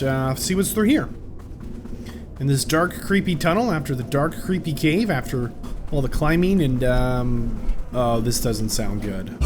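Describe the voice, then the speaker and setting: A man talks through a video game, cracking jokes and jumping into yelps when things go wrong. His voice sits a bit on the high side. A steady hiss of noise runs under the recording. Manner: jokey, excitable reactions with sudden yelps. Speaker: gameplay commentator. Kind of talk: let's-play commentary.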